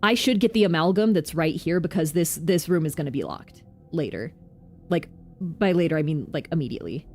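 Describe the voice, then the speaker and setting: A woman vtuber giving casual gameplay commentary, chatty and self-mocking, with quick asides. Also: deep voice, expressive, darkish tone, faint music behind. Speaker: vtuber streamer.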